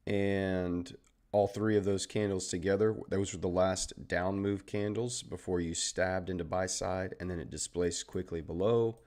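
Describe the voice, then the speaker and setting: Deep voiced texan guy doing a live trading stream, laid back and chatty, walking through charts. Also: fairly even intonation, measured pace, darkish tone. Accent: Southern Texan. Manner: easygoing, chatty, greets viewers and explains charts. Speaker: trading livestream host. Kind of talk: casual live trading commentary.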